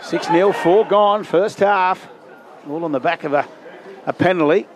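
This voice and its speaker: A man commenting live on a rugby league game at an outdoor ground, lifting his voice for big plays. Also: unhurried. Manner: lifts pitch and volume in big plays. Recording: loud crowd and outdoor noise. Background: crowd and outdoor ambience.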